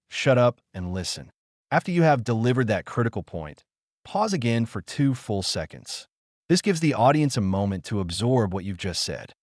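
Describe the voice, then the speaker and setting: Lively, low-voiced male audiobook narrator. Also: no echo, clean studio sound. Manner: emphatic, measured instructional delivery.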